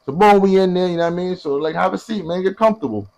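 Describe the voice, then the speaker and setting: Animated man telling a profane story. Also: high-pitched, fast talker, vocal fry, highs cut off. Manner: animated, profane, acts out other people's lines. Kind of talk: casual storytelling.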